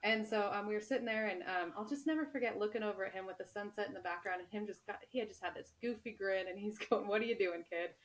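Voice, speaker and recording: A woman's voice: medium pitch, fast talker, few pauses, low-quality recording. A young adult woman talks as a guest on a podcast interview. She tells her stories in a chatty, easygoing way and laughs often. Her voice sits in an ordinary middle range. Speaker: author and guest.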